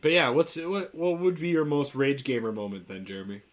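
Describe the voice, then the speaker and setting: A young man co-hosting a podcast, telling animated stories in casual chat and laughing often. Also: mid-range voice, fairly quick. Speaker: podcast co-host.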